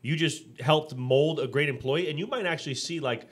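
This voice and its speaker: This man's voice is fairly high and moves at a normal speed as he co-hosts a laid-back business podcast. He tells stories animatedly, performing quotes and often restarting his sentences amid fillers.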